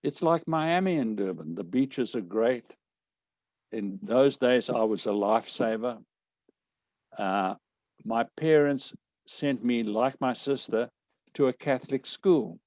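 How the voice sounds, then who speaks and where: An older man, telling anecdotes from his life in a wry, animated way. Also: mid-range voice, slow, no echo. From South Africa. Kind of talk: storytelling talk.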